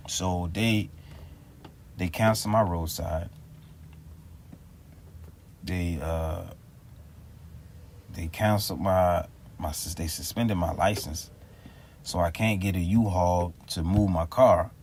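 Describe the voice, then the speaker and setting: A man's voice: sits low, steady tone, a little slow, long pauses, a little mellow, a little hiss or hum. A man telling a story in a rambling, slangy and exasperated way for a casual vlog. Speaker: vlogger.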